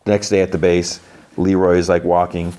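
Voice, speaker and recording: A man's voice: low-pitched, flat delivery, normal speed, dark tone. A man hosting a podcast, casually recapping a TV episode and acting out lines of dialogue. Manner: retells scenes, acting out dialogue. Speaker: podcast host.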